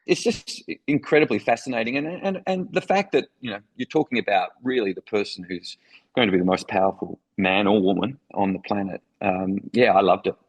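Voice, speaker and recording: On a low-quality recording, this lowish, slightly breathy voice moves at a brisk clip. He is a middle-aged Australian and former foreign correspondent, spinning lively, colorful stories in an interview with obvious relish.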